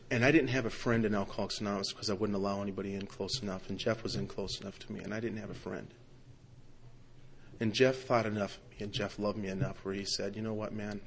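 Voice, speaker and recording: Guy telling his recovery story at a meeting, gets loud then drops real quiet, bit of faint hiss behind. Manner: emphatic storytelling, swings from loud outbursts to low quiet passages. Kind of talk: personal recovery talk.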